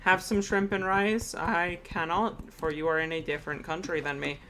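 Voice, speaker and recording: A streamer chatting casually while playing a game, joking in a deadpan way. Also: medium pitch, moderate pace, a little hiss or hum. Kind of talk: casual gaming stream chat.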